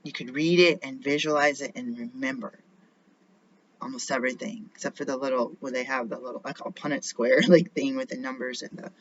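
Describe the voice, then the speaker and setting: A man talks through a loose, rambling vlog, wandering from one topic to the next and often sinking into a half-whisper. His voice sits at an ordinary middle pitch. The recording is a little muffled, with a faint hiss behind it. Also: steady tone, brisk. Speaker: vlogger. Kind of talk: casual rambling monologue. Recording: slightly dull lo-fi recording with faint noise.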